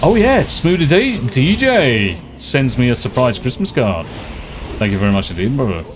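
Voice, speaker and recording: A man's voice: medium pitch, big pitch swings, moderate pace, background noise. A British man streaming a game, ranting and swearing freely in casual chat. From Britain. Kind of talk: casual live-stream chat while gaming.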